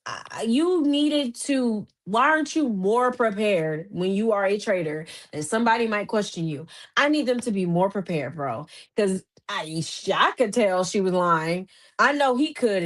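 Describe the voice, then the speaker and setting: On her podcast, a female host chats through a casual recap with lots of animation, fillers, and restarted sentences. Whenever excitement hits, her voice leaps upward in pitch.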